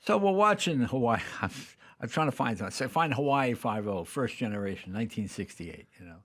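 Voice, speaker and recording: An older man talking as a podcast guest, telling stories casually and acting out the people in them with lively voices. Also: mid-range voice, fairly quick, no echo. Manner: acts out the dialogue in lively voices. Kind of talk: casual storytelling.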